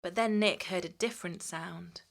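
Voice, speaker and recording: A woman's voice: fairly low pitch, normal speed, gravelly, background noise. A woman narrating a children's story in a playful way, stretching words out to mimic sounds.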